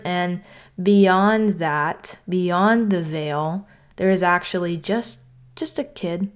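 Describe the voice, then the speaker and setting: A young North Carolina woman hosts her own podcast, reflecting earnestly in a conversational solo talk and saying "like" a lot. Her voice is fairly low and smooth, and she speaks slowly.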